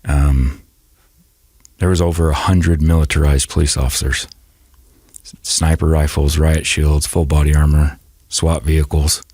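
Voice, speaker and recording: A man telling a personal story as a podcast guest, speaking haltingly and often repeating and restarting his words. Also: a bass voice, little pitch movement, a little mellow, breathy edge, no room sound, clean studio sound.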